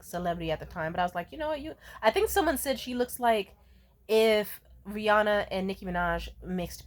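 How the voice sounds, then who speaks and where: A woman telling a casual, profane story as the host, animated and laughing often. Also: mid-range voice.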